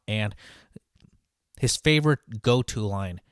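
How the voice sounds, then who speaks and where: A man's voice: lowish voice, moderate pace, clean tone, dry recording. Brief: line cook, male, casual profane storyteller, dry recording. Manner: profane, venting, animated.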